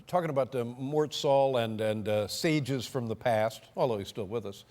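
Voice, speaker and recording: A middle-aged man hosting a talk show, asking halting questions full of restarts. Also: medium pitch. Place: television studio. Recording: noisy studio.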